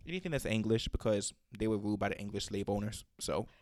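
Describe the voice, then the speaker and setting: A man hosting a casual chat, telling animated stories and acting out callers' lines. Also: fairly low pitch, quick pace, no room sound, studio quality. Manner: animated storyteller, acts out callers' quotes. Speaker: podcast host.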